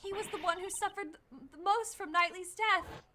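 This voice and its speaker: A woman's voice: very high voice, moderate pace, pushed and bright, slight background noise, voice pushed up. A woman voicing a spirited, loyal young woman who urges her partner on in an emphatic, pleading way.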